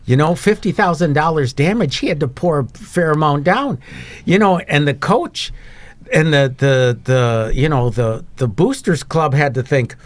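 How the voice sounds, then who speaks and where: A man's voice: a little high, lively intonation, measured pace, dry recording. A man chatting and joking on a talk show, rambling with restarts. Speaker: show regular. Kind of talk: casual comedic chat.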